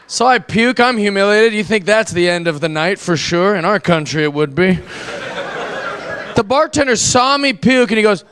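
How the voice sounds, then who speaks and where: A man's voice: sits high, moderate pace. A man doing a stand-up set, telling profane stories brashly and acting out the people in them. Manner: brash, profane storytelling with quoted voices. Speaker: stand-up comedian. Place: comedy club stage. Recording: live club recording with audience noise. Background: audience laughter.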